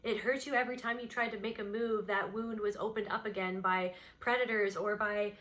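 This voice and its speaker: A woman's voice: medium pitch, steady tone, a little fast, a bit bright. A woman giving an unscripted pick-a-card reading, speaking in a meandering, intuitive way and voicing her impressions as they come. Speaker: tarot card reader.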